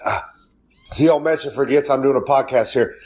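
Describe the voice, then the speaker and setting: A man's voice: mid-range voice, normal speed, a little mellow. A man with a Southern US accent delivering a rambling, boastful wrestling promo full of catchphrases. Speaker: wrestler doing a promo segment.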